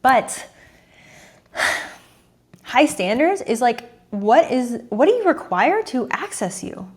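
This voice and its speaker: Earnest woman dating coach, fairly high voice. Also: sing-song, slow pace. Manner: earnest, repetitive, sighing and emotional. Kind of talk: emotional monologue to camera.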